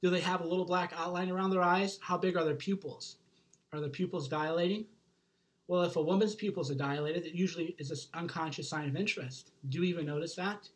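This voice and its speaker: A man's voice: high-pitched, steady tone, quick pace. A man giving an intense, emphatic motivational monologue to camera, swearing freely and checking in with his listener again and again. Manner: intense, emphatic, profane, keeps checking in with "right?". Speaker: self-help author.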